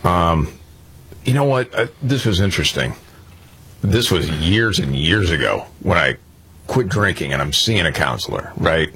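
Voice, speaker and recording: A male radio host with a low, husky voice talks in a relaxed, chatty way. He tells stories loosely, with plenty of fillers and asides. It sounds like easygoing on-air banter. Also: measured pace.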